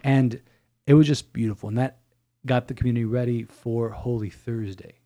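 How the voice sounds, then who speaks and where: A male priest co-hosting a podcast, telling stories in an animated, casual way with many restarts. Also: medium pitch, moderate pace. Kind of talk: casual chat.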